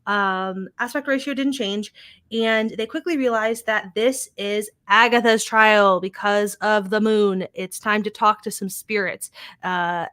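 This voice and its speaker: A woman's voice: medium pitch, pushed and bright, smooth, no room sound. Chatty woman recapping a show. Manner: chatty, swears casually, acts out characters' lines in quick paraphrase. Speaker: podcast host recapping a TV episode. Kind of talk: casual recap chat.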